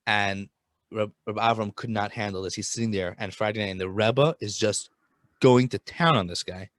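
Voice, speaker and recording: A man's voice: on the low side, moderate pace, fairly bright tone, no echo. A man casually telling a Hasidic story, talking informally with many restarts and Yiddish and Hebrew terms.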